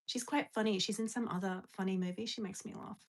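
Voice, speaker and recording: A woman's voice: medium pitch, fairly even intonation, fast talker, low-quality recording. A young woman chatting casually with viewers on a live stream, giggly and rambling, often breaking off and restarting her sentences. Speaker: livestream host. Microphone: phone or webcam on a live stream.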